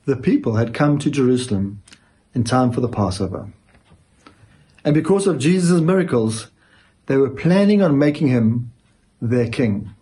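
Husky guy pastor preaching, mid pitch, emphatic with big pauses. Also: lively intonation, mellow. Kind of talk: sermon.

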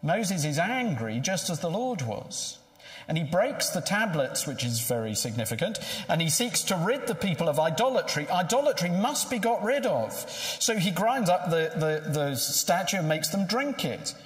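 A man's voice: on the high side, sing-song, moderate pace. A man preaching a sermon in a conversational way, asking rhetorical questions. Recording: echoey hall with long reverb.

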